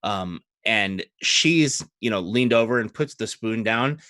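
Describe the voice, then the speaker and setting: A man narrating as game master, relaxed and conversational. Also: on the low side, unhurried, dry recording, studio quality.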